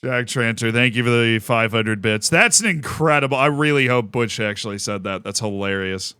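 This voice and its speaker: A man's voice: medium pitch, normal speed, pushed and bright, smooth, no echo, clean studio sound. A young man from the United States chatting casually on a live stream, rambling and self-mocking as he thanks viewers by name.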